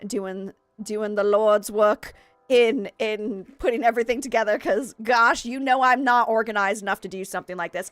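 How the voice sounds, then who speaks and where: A woman's voice: on the high side, dry recording. Giggly, flustered woman streamer. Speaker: streamer hosting a game party. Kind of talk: casual live-stream chat.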